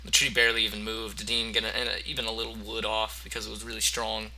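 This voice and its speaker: Gravelly crude rambling man. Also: fairly low pitch, level tone, quick pace, bright, forceful tone, a little hiss or hum, rough recording. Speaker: parody storyteller. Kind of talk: mock audiobook reading.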